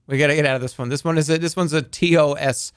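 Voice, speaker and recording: A male streamer with a slightly raised pitch rambles playfully through his live session. He reads viewer messages aloud in a loose, joking way. The sound is close and dry, with no room around it. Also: steady tone, fast talker, clear, resonant tone, no echo. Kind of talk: live game stream commentary.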